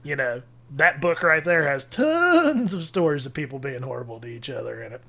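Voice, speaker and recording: Bright-voiced man chatting on a podcast. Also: medium pitch, steady tone, quick pace, gravelly. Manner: rambling, opinionated, jokey. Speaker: podcast co-host. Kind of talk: casual chat.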